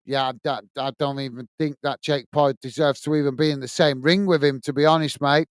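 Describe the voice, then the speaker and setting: Chummy man with a high, clear voice. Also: fairly even intonation, a little fast, no room sound, studio quality. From England. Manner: casual and chummy, many filler uhs, calls people mate. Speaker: football watch-along host. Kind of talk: live stream chat reading.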